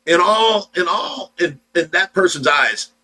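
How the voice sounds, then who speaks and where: An Ohio man hosting a livestream casually tells a long, rambling story, repeating words as he acts out the dialogue. His voice sits high with a sharp tone, lively intonation and an unhurried pace, and the recording is rough.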